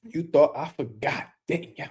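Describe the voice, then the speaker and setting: Guy on a boxing livestream, kinda high voice, slangy and loose, talks to the chat a lot. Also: measured pace, darkish tone, husky. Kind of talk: casual livestream commentary.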